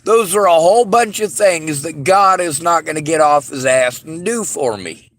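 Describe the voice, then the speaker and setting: Bitter man ranting on camera, higher-pitched voice, lots of swearing. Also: normal speed. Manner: bitter, heavy swearing, rising to shouts. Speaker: vlogger. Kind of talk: angry monologue to camera.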